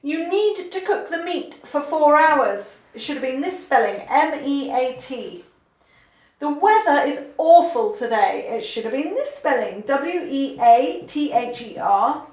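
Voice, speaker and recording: A woman's voice: sits high, animated, a little slow, a little mellow, roomy sound. A woman, teaching a spelling lesson, patiently repeating words and spelling them out letter by letter. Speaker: English teacher. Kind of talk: online English spelling lesson.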